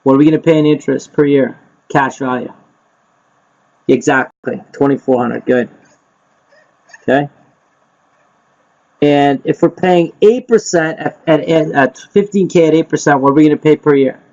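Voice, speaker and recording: Male instructor, slightly high voice, quizzing a class, dull lo-fi recording. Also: steady tone, unhurried, pauses often, darkish tone. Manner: quizzes the group, repeats himself, frequent "right?" and "okay?". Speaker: real estate investing instructor. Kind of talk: live teaching session. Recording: dull lo-fi sound.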